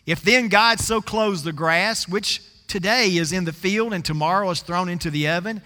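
A man's voice: sits high, normal speed, few pauses, sharp tone, big-room sound. A man preaching a sermon, telling a folksy story and stretching out scripture words for emphasis.

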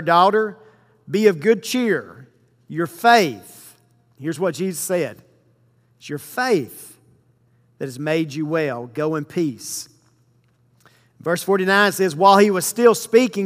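A man preaching a sermon, reading scripture verses slowly and then explaining them with emphasis. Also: sits high, a bit bright. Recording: long hall reverb.

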